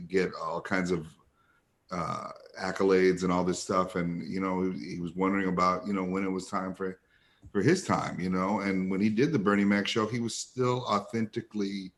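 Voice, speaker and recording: A man panelist talking reflectively in a casual discussion, leaning on "you know" as he thinks aloud. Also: low-pitched.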